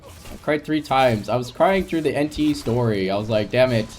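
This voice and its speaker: Soft-spoken man rambling on a gaming stream. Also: mid-range voice, expressive, normal speed, faint music behind. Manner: rambling and soft-spoken, with frequent restarts and light laughs. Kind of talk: casual live-stream chat while gaming.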